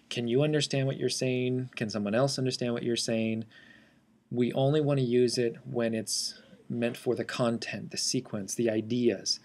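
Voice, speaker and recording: Man explaining a screencast tutorial. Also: medium pitch. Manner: explanatory, steady teacherly delivery. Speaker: assistive technology instructor. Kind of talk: instructional screencast walkthrough.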